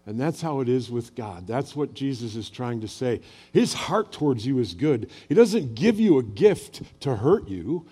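A man's voice: mid-range voice, very animated, moderate pace, few pauses, dark tone, breathy edge. An older man preaching a sermon as a pastor, telling personal stories in a conversational way and asking the audience questions.

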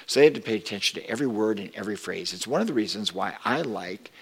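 A man preaching a sermon as pastor, slow and deliberate, rising with emphasis when quoting scripture. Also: lowish voice, lively intonation, creaky, breathy edge, in a large hall. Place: church sanctuary.

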